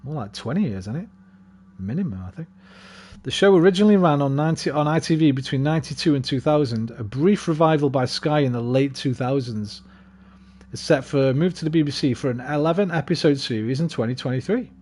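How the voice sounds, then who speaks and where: A man's voice: on the high side, a little fast, a little mellow, breathy edge. A young man rambling casually and swearing freely while streaming a game. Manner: rambling, sweary, laid-back. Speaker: gaming streamer. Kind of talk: casual chat while gaming.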